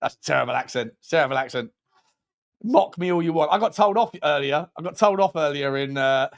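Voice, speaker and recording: A man hosts a casual football livestream. He talks in a rambling, joking way and keeps restarting his sentences. His voice sits somewhat higher than most men's. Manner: rambling and jokey, lots of restarts. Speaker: football channel host.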